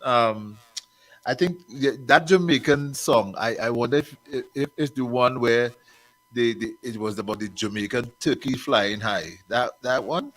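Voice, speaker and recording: A man hosting a radio show in casual chat, animated and chuckling, his loudness rising and falling. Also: mid-range voice, a little slow, poor audio. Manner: animated, chuckling, swings loud and soft. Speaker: radio host.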